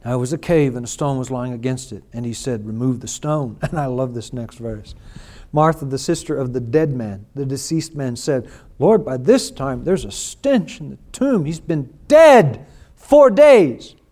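This pastor's mid-range voice has lively intonation as he preaches and reads scripture. He moves from soft, slow lines to loud, drawn-out bursts of emphasis.

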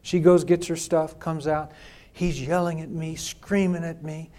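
A man's voice: a little high, flat delivery, measured pace, dark tone. A male pastor preaching a sermon, telling a personal story in an emphatic, conversational way.

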